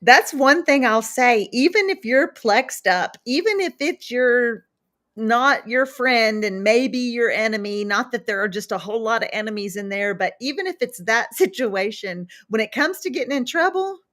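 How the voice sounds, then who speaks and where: A woman's voice: a little high, normal speed, fairly bright tone. A woman co-hosting a podcast, reflecting in a casual chat and chuckling between phrases. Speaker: podcast co-host.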